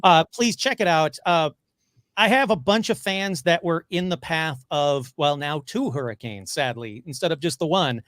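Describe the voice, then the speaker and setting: A man chatting as a podcast guest, excitable and gushing, rushing through his stories. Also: fairly high pitch, no room sound, studio quality. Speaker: podcast guest, paranormal investigator. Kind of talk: casual interview chat.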